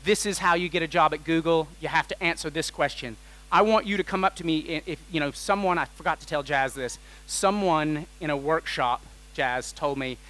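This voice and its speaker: A man giving an energetic, joking talk on a conference stage, tossing questions at the audience. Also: fairly high pitch, moderate pace, poor audio. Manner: energetic and jokey, quizzing the audience. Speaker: conference keynote speaker.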